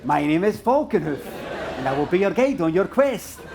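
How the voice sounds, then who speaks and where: A man's voice: high-pitched, very animated, moderate pace, gravelly, full character voice. A man voicing a grandiose fantasy quest guide who speaks in a solemn, announcing way. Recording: live stage mic, audience noise.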